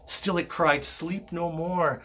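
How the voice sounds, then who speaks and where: A man's voice: on the high side, steady tone, slow, fairly bright tone. A man playing Macbeth, a guilt-haunted lord, brooding, in an amateur Shakespeare reading.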